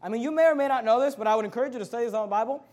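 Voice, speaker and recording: Very high-voiced fervent male preacher. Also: very fast. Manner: fervent, emphatic, swings between quiet and loud. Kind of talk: sermon with scripture reading.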